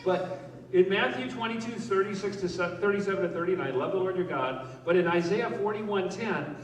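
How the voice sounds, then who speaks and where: A man's voice: high-pitched, a little fast. A male pastor giving a conversational sermon, asking the congregation questions and joking with them. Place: church hall with a live congregation. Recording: echoey hall, voice from a distance.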